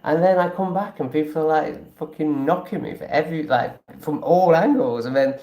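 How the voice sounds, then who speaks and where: A man's voice: fairly high pitch, normal speed, warm tone. A man talks in a rambling, blunt way and swears freely while chatting on a casual livestream and reading out viewer comments. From England. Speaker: travel vlogger.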